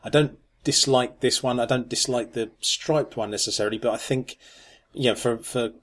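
Measured man, mid pitch. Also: fairly bright tone. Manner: measured, many ums, wry. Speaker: podcast co-host. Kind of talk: casual chat.

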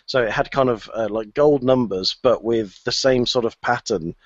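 A man's voice: mid-range voice, normal speed, no echo. Chatty man, lo-fi podcast. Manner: chatty, laughs often, many "um" fillers. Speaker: podcast co-host. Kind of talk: casual podcast chat. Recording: dull lo-fi podcast audio.

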